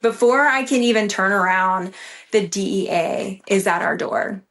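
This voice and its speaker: Woman spilling a crazy story on a podcast, swears a lot, middle pitch. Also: a little slow. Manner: animated, swearing freely, acts out voices in her story. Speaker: podcast guest. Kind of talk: casual storytelling.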